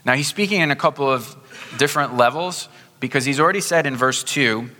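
Bright-voiced male pastor in reverberant church. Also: medium pitch. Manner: conversational, slows down for emphasis. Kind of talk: sermon. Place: church sanctuary.

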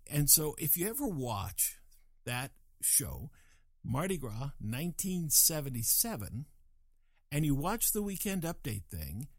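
With a mid-range voice, an older Coloradan from the USA rambles through a self-deprecating spoken anecdote, voicing the characters as he goes. The studio sound is clean, with no room sound.

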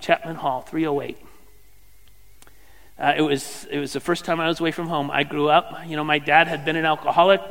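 A middle-aged man preaching a sermon, swinging from loud fervent questions to hushed, near-whispered lines. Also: on the high side, gravelly. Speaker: pastor. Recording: long hall reverb.

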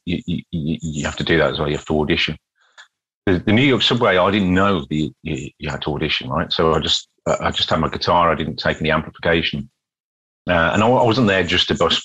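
A man from the UK, a street musician telling anecdotes as an interview guest with lively restarts. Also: low voice, breathy edge, poor audio. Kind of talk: casual interview storytelling.

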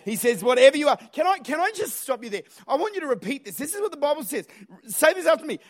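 An Australian man preaches a sermon in a church. His voice sits very high, and his delivery is energetic and humorous, climbing into shouts at the peaks. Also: fast. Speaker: pastor. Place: church auditorium.

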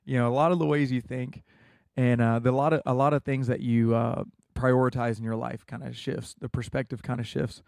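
A man's voice: medium pitch, little pitch movement, brisk, vocal fry, darkish tone, no room sound, studio quality. A young American man in a casual interview, earnestly telling a personal story with many fillers. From United States. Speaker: guest.

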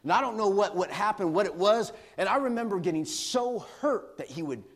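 Brief: middle-aged male pastor, high voice, lively sermon storyteller who laughs. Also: brisk. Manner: animated, laughing storyteller acting out quotes.

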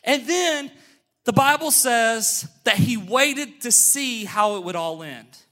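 A man preaching a sermon, emphatic, calling the congregation to look at him and say amen, slowing on key phrases and speeding through asides. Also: very high-pitched, animated, bright, forceful tone. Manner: emphatic, calls for amens and attention; shifts between brisk asides and slow stressed phrases. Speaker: pastor.

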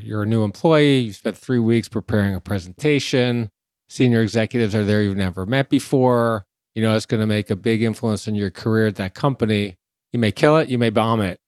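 A man hosting a podcast, asking structured, prepared questions at a measured pace. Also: fairly low pitch, darkish tone, no echo, clean studio sound. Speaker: podcast host.

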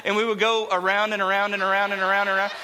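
Bright-voiced young man speaking to a crowd. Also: high-pitched, racing, in a large hall, slight background noise. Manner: animated, playful, chatty. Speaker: youth speaker. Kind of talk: youth talk to a live audience. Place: large hall with an audience.

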